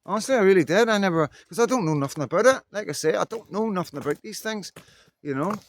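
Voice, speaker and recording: A man's voice: high voice, lively intonation, quick pace. A middle-aged man, rambling casually in an unscripted vlog and leaning on fillers. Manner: rambling, loose talk full of "you know what I mean" fillers. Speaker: vlogger.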